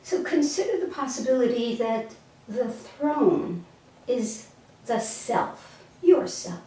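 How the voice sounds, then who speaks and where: A woman telling a parable slowly and gently and then reflecting on its spiritual meaning, with a few small stumbles, recorded from a distance in an echoey room. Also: on the high side, very animated. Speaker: storyteller and teacher. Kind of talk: slow storytelling and spiritual teaching. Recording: echoey room, mic far off.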